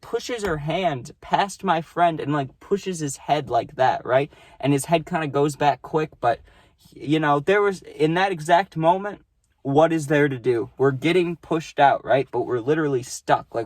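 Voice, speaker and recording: A man's voice: fairly high pitch, dry recording. Profane rambling young man telling a story. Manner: profane, rambling, peppered with "right?". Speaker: storytime vlogger. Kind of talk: casual storytelling.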